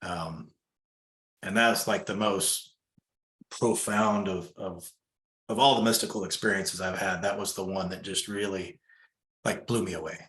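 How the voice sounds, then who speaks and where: A man with a very low voice tells a personal story in a relaxed, casual way. He speaks softly and reflectively, pausing on fillers. The recording has a noticeably roomy echo. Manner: soft-spoken, reflective, lots of fillers. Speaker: guest telling a story.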